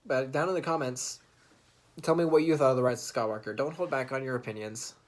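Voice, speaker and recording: A young man speaks casually into his camera, an earnest fan retelling a film. His voice sits at a middle pitch, and he restarts his sentences and laughs now and then as he talks. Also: brisk. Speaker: vlogger. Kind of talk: casual vlog monologue.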